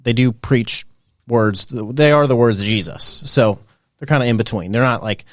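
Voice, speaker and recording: A man in his thirties hosts a podcast in loose, casual conversation. His voice sits at a middle pitch, and he bounces along with plenty of fillers and frequent laughs. The recording is dry and close. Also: normal speed, no echo. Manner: animated, chatty, laughs often, many fillers. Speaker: podcast host. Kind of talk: casual chat.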